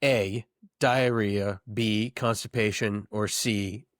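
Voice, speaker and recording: A man's voice: lowish voice, fairly even intonation, slow, no room sound, studio quality. A man co-hosting a podcast in casual comedic chat, joking and laughing often. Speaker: podcast co-host.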